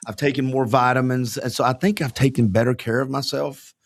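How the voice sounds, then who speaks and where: A man hosts a casual livestream podcast. His voice sits at an ordinary middle pitch, and he talks in an upbeat, chatty way that wanders a little. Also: fairly even intonation, brisk, a crowd in the background. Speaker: podcast host.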